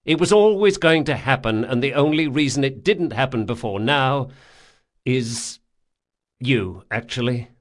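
A man voicing a wily, stubborn young male thief with quick, wry retorts in an audiobook. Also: mid-range voice, animated, close to an everyday voice. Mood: tender wry. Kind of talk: audiobook character voice.

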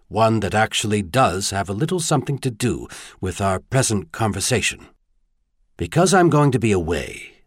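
A man's voice: on the low side, breathy edge, no room sound, clean studio sound. A man voicing a tall, earnest, wry advisor. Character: tall, kindly, reflective male advisor.

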